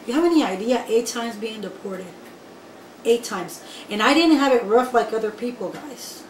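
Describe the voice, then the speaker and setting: A woman's voice: on the high side, normal speed. Emphatic woman telling her story. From Guatemala. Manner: emphatic, animated storyteller who addresses the listeners directly. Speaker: interviewee. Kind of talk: personal storytelling interview. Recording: echoey room, voice from far off, faint background noise.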